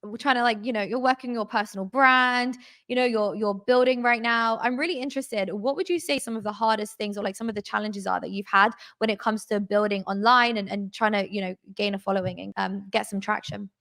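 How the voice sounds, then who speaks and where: A woman's voice: mid-range voice, steady tone, a little fast, few pauses, fairly bright tone. A woman guest in casual talk, speaking emphatically with strings of rhetorical questions.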